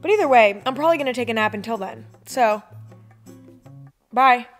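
A woman's voice: a little high, animated, normal speed, faint music behind. A young woman vlogging in a casual chat, full of "like" and the odd swear word. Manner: chatty, swearing, lots of "like".

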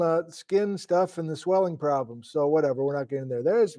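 A man's voice: on the high side, moderate pace, a little mellow. A middle-aged man from Wisconsin, a sleep-deprived geology lecturer, thinking aloud in a flustered, casual live-stream lesson. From Wisconsin, USA.

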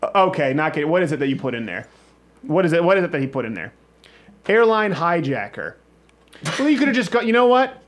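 Teasing male comedy host, lively pitch. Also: quick pace. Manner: teasing, sarcastic, laughs often. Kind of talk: jokey game-show banter.

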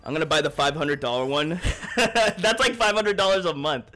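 A young man livestreaming a game in casual chat, excitable and joking as he thanks his chat. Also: fairly high pitch, moderate pace.

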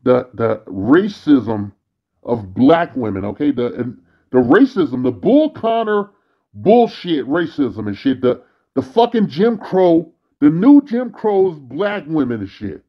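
A man's voice: fairly high pitch, big pitch swings, takes it slowly, dull audio. A man delivering a bitter, weary, profanity-heavy monologue as a vlogger. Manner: bitter, weary ranting, frequent cursing.

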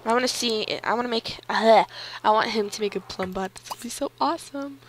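A woman giving casual, excitable commentary while playing a life-sim game, giggling and reading on-screen text aloud. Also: on the high side, a little fast, slight background noise. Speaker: let's play gamer. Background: faint game music.

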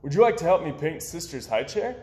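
A man's voice: fairly high pitch, big pitch swings, brisk, dark tone. Man reading as a friendly dad, cheerful, easygoing, storybook, echoey room. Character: friendly father of a young boy.

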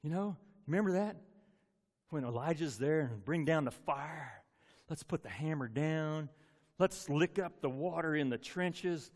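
Man, senior pastor, folksy conversational sermon, slightly high voice, long church reverb. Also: measured pace. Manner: conversational, folksy, repeats words and restarts. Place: church sanctuary.

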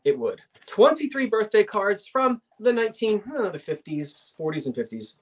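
A man's voice: high-pitched, big pitch swings, normal speed. Middle-aged male auctioneer, chatty, playful, reminiscing between lots. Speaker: auction host. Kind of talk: live online sale chat.

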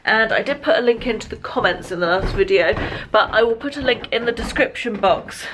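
A woman's voice: a little high, animated, brisk, background noise. An English woman in her fifties chatting through her day in a rambling, self-mocking daily vlog, filmed on a handheld camera in her car and at home. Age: 50s. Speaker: lifestyle vlogger. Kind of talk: casual daily vlog chat.

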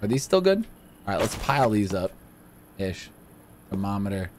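A man hosting a casual let's-play video, excitable and jokey, chatting to the game's characters as he plays. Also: lowish voice, moderate pace, a little hiss or hum. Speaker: gaming video host.

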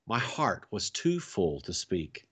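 A man reading a classic adventure novel aloud for families, with a dramatic, expressive delivery. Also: lowish voice, slow pace, breathy edge. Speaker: storyteller.

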